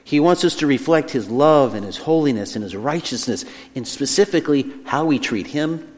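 A man preaching a sermon, emphatic and lively, dropping soft and slow on key phrases. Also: fairly high pitch. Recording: long hall reverb.

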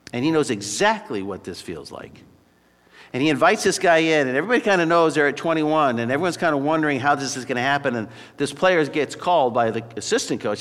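A male pastor preaches in a relaxed, storytelling way, then drops into a quiet, earnest prayer. His voice sits at an ordinary pitch. It rings out with the long reverb of a large church hall. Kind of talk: sermon.

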